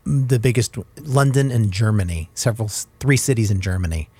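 A man's voice: lowish voice, expressive, fairly quick, a little mellow, breathy edge. A man co-hosting a podcast, chatting casually with wry, self-deprecating banter. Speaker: podcast co-host. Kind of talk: casual chat.

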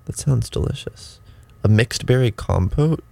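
A man's voice: medium pitch, animated, measured pace, creaky, darkish tone, no room sound. A young man hosting a college radio show, chatting casually and rambling with lots of restarts. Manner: rambling, restarting, self-deprecating. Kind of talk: casual on-air chat.

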